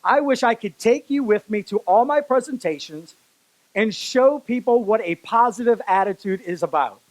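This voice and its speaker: A man's voice: high voice, animated, normal speed, rough recording. A man giving a motivational keynote speech on stage, telling stories and speaking straight to the audience, repeating phrases for emphasis. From Louisiana, US. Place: stage before a live audience.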